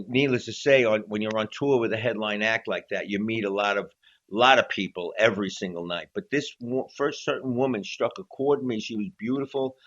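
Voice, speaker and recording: A man in his sixties, a drummer telling stories as an interview guest and acting out quotes as he goes. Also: mid-range voice. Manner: animated storyteller acting out quotes. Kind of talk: storytelling interview. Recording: slightly dull lo-fi audio.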